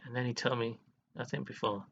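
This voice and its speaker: A man's voice: mid-range voice, steady tone, a little fast, creaky, fairly bright tone, highs cut off, a little hiss or hum. A man vlogging to his viewers in an earnest, dramatic way, scolding and praising by turns. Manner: dramatic, scolding and earnest, with sudden laughs and sighs. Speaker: live streamer. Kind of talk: emotional monologue vlog.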